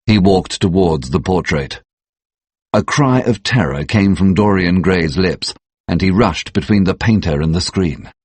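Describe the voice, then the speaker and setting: A man reads a story for English learners in a measured, steady manner. His voice is very deep and husky. The recording is dry and close. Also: no echo. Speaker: narrator.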